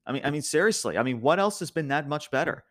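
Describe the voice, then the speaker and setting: A man's voice: fairly high pitch, animated, fast, fairly bright tone. A young man casually recapping a wrestling show as a podcast host, rambling with many restarts and frequent laughs.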